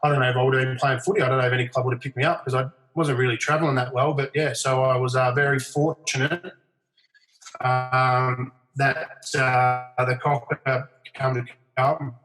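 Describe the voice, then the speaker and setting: A man's voice: medium pitch, normal speed, faint music behind. A middle-aged Australian man telling stories in casual chat, acting out other people's lines in livelier raised voices. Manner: animated anecdotes, acting out quotes in raised voices. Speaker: podcast guest. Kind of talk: casual storytelling. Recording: roomy echo.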